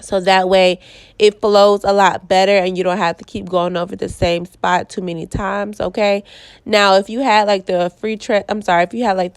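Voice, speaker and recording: A young hair stylist vlogger with a Southern US accent chats casually through a hair tutorial, checking in with "okay?" while she's stuffy and congested from a cold. Her mid-range voice is smooth, and the recording is dry.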